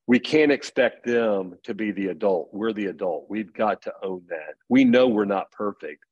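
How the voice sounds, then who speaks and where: A man's voice: fairly low pitch, animated, normal speed, few pauses, darkish tone, no room sound, highs cut off. Earnest middle-aged man telling stories. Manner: earnest storytelling. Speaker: podcast guest on parenting. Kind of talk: casual conversation.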